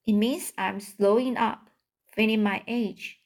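Charlotte, a weak, gentle spider, read by a woman. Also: medium pitch, fairly even intonation, slow. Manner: soft, weak and quiet. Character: gentle dying female barn spider, wise and tired.

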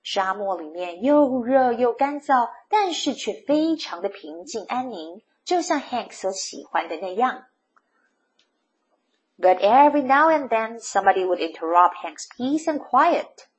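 A woman reads a children's picture book aloud, taking her time over every line. Her voice sits fairly high and swings widely, full of storytelling expression. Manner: slow, expressive, bilingual retelling.

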